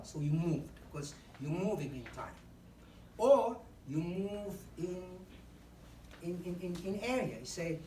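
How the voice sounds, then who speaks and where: Woman running a speaking workshop, acts stuff out, lowish voice, roomy echo with faint hum behind. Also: animated, takes it slowly, dark tone. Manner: demonstrative, acts out examples, frequent "you know". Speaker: public speaking workshop trainer. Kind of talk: instructional talk to a live group. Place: meeting room. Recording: roomy echo, distant mic, faint ambience.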